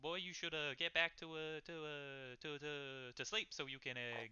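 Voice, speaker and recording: A man voicing a nervous male innkeeper who stammers and fills every pause with uh, on a slightly dull lo-fi recording. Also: a little high, fairly even intonation, sharp tone, clean tone, no echo, voice pushed up. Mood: placating. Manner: hesitant, full of uh fillers.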